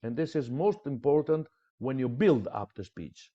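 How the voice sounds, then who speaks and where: A man's voice: mid-range voice, expressive, normal speed. A man teaching public speaking in a training lecture, stressing points by repeating words. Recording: dull lo-fi sound.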